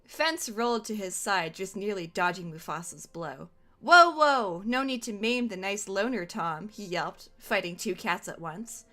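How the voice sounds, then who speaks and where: Bright-voiced young woman reading aloud. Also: medium pitch. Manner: amused, quick to laugh. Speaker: streamer host. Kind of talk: reading a fan roleplay aloud. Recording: faint music behind.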